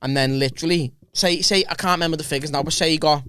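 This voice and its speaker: A man's voice: fairly high pitch, fast, fairly bright tone, clean tone, dry recording. A man co-hosting a casual podcast chat, swearing and using slang. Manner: swears a lot, uses English slang. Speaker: podcast co-host.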